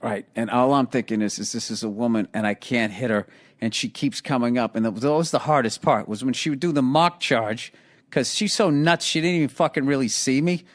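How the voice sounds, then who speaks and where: A man with a Boston accent telling a story in casual chat, profane and animated, laughing in bursts. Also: mid-range voice, a little fast. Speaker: podcast host.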